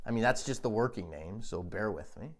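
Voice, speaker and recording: A man hosting a comedy podcast, telling a rambling deadpan monologue in a halting, stammering way, full of restarts and "you know.". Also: fairly low pitch, heavy background noise. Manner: deadpan absurd storytelling.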